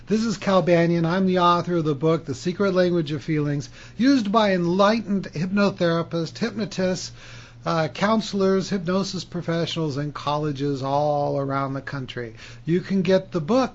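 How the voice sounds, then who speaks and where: A man, an author and hypnotherapy teacher, delivering a self-help video monologue with animated, emphatic storytelling. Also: on the high side, highs cut off.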